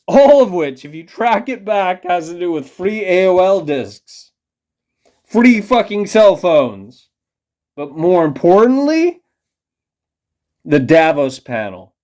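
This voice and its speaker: A man delivering an angry, profane rant straight to his viewers, condescending as he lurches from low muttering to loud outbursts. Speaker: vlogger. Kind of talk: ranting monologue to camera.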